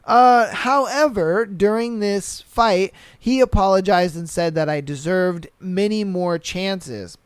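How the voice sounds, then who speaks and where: A young man hosting a podcast, reading listener stories aloud and reacting with blunt, profane, animated commentary. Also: sits high, slow, hardly any pauses, smooth, no echo. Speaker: podcast host.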